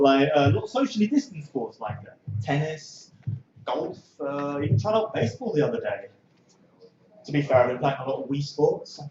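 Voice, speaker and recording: A man performing a stand-up comedy set on an open stage, talking casually and breaking into shouted bursts when he acts out scenes. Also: fairly high pitch, very animated, normal speed, roomy sound, lo-fi sound, slight background noise. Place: small comedy club stage.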